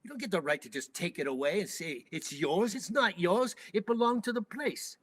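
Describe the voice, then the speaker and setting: A man's voice: sits high, moderate pace, voice pushed up. A man voicing a blunt local bus driver with a Hawaiian Pidgin accent, scolding firmly. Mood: stern.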